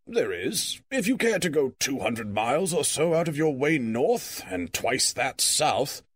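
A man reading a story aloud, voicing a brisk, teasing old wizard in a lively, raised voice. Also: mid-range voice, husky, no echo, voice pushed up, exaggerated voice. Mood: cheerful.

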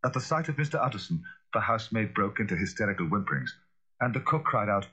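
Man, audiobook narrator, husky, lively intonation, measured and grave, muffled lo-fi sound. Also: fairly low pitch. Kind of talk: audiobook narration of a classic novel.

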